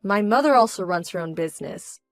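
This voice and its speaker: A woman voicing a young bride-to-be who sounds indignant, measured and cold. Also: mid-range voice, expressive, faint music behind, close to an everyday voice. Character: young bride-to-be, hurt and proud, quietly fierce. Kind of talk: scripted story drama.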